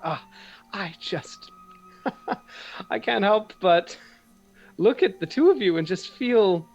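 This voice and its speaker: A man voicing a gentle, easily overwhelmed young woman, with a hesitant, breathy delivery. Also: sits high, expressive, slow pace, highs cut off, soft background music, pitched above the performer's own voice, heavily acted. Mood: wistful.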